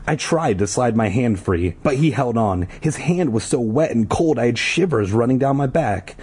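A man reading a spooky storybook aloud in an animated way, dropping offhand joking asides. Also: mid-range voice, normal speed, few pauses, slightly rough.

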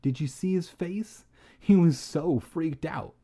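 A man's voice: a little high, slow pace, warm tone, voice pushed up. A man voicing a teasing young girl who talks dryly and mockingly. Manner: dry, mocking.

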